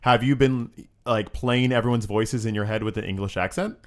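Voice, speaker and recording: A man's voice: fairly low pitch, moderate pace. A man co-hosting a gaming podcast, joking around in casual chat. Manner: playful, joking, animated. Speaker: podcast co-host. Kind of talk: casual chat about video games.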